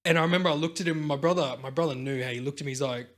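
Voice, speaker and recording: A young man chatting on a podcast, his voice sitting a bit high for a man. He tells stories with lots of energy, swears freely and acts out what other people said. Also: rapid-fire. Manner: animated storyteller, swears freely, acts out quotes. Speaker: podcast co-host. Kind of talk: casual podcast chat.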